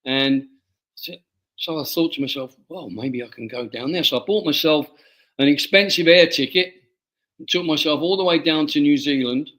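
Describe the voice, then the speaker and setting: A man, an author being interviewed, telling a personal story in a halting way and often repeating his words. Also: fairly high pitch, fairly bright tone, rough recording. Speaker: author guest.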